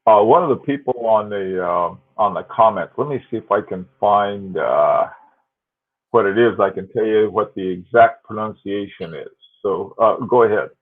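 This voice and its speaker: A man's voice: lowish voice, normal speed. A man co-hosting a live stream, talking hesitantly with many fillers and restarts, in a self-deprecating way. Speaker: co-host of a watch live stream. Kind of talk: casual live-stream chat. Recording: tinny phone-like call audio.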